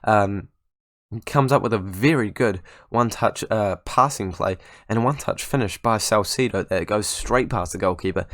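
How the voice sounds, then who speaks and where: A man's voice: on the low side, moderate pace, no echo, studio quality. A young man giving chatty, self-mocking commentary over his football management game. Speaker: gaming YouTuber. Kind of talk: casual gameplay commentary.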